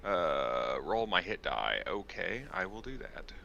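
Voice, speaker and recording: Deep gravelly man, bright edge. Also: big pitch swings, unhurried, dull audio, slight background noise. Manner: distracted, mutters while setting up. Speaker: player. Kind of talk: casual game chat.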